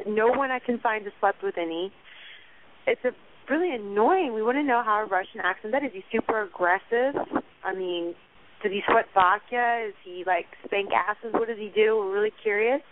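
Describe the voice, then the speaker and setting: Cheeky lady leaving a voicemail, tinny phone sound. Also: medium pitch. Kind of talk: voicemail message.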